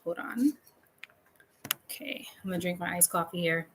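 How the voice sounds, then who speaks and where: Sitting at home in a room with a fan, a tarot reader talks to camera in a chatty, informal way, full of loose fillers. Her lowish voice is expressive at a normal speed; the recording is rough, with faint renovation noise from upstairs.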